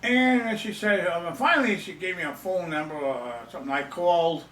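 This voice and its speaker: A man's voice: high voice, brisk, a bit bright, recorded from a distance, a little hiss or hum. An older man telling a story in a casual, rambling way. He mocks himself and repeats his phrases. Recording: echoey room, away from the mic.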